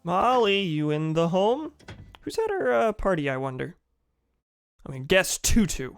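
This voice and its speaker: A man's voice: sits high, big pitch swings, measured pace, creaky, clear, resonant tone, no room sound, clean studio sound, faint music behind. A young man with a sore throat, casually joking and swearing while streaming a game. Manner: joking, swears, reads game dialogue aloud. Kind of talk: casual gaming commentary.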